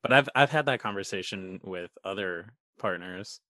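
A man chatting as a guest on a casual movie podcast, cracking quick jokes. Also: sits low, sharp tone, dry recording, clean studio sound. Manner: joking, quick wisecracks.

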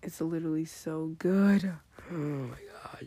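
A teenage girl talks to her viewers in a late-night solo vlog, jumping between topics with giggles and gushing outbursts. Her voice is soft-toned and mellow, with a husky, airy edge. She often slips into whispered asides mid-sentence. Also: on the low side, unhurried. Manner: scattered, drifts into whispered asides; breathless exclamations and giggles. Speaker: vlogger. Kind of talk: late-night rambling monologue.

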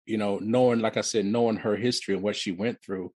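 A man in his fifties, originally from Detroit, telling his life story as an interview guest in a halting way, often repeating and restarting words. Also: lowish voice, fairly even intonation, darkish tone, slightly rough, no room sound. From Detroit, USA.

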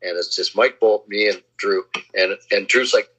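A man in casual chat, telling boastful anecdotes and acting out the quotes in a husky voice. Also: fairly low pitch, fairly even intonation, moderate pace, fairly bright tone. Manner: boastful name-dropping anecdotes, acts out quotes. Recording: slightly dull lo-fi sound.

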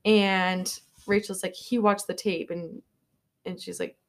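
A woman's voice: mid-range voice, fairly even intonation, slow. A young woman co-hosting a podcast, recapping a movie in casual chat, rambling along with lots of filler words. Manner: rambling, filler-heavy storytelling, many "like"s. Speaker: podcast co-host.

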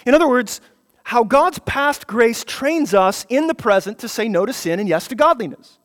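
A man's voice: very high-pitched, animated, moderate pace, fairly bright tone. A man preaching a sermon, emphatic, repeating phrases for stress and building to passionate peaks. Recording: long hall reverb.

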